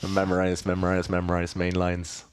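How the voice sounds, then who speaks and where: Male host, very low voice, upbeat and teasing, live studio chess stream. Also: monotone, moderate pace, smooth. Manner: upbeat, teasing, addresses the chat.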